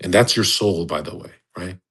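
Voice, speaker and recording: A man talking in a profane, rambling monologue to listeners in a live audio room, swinging between loud bursts and low asides. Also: normal speed, breathy edge. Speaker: online personality hosting a live audio space. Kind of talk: casual monologue. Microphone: phone or desk mic in a live audio room.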